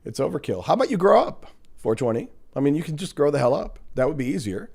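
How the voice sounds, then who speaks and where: A man's voice: fairly high pitch, very animated, fast talker, creaky, darkish tone, husky. A man hosts a casual livestream, reading comments into a desk microphone. He answers in a blunt, profane, sarcastic way, laughing as he mocks the people he disagrees with.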